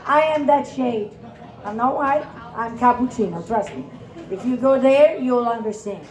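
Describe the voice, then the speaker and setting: A woman's voice: on the high side, a little slow, a little mellow. An Italian-accented woman from Italy performing a stand-up comedy set, brash and profane, with a self-mocking edge. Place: large indoor room, live venue. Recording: echoey room with live crowd.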